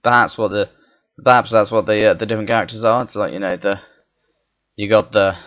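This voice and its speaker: Low-voiced man rambling over gameplay. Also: fairly even intonation, brisk. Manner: meandering, thinks aloud, crude jokey asides. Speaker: gaming channel host. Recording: dull lo-fi mic.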